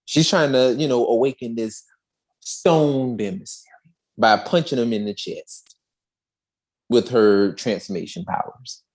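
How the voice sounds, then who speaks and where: A podcast co-host with a mid-range voice recaps an episode casually and animatedly, packing in slang and acted-out quotes.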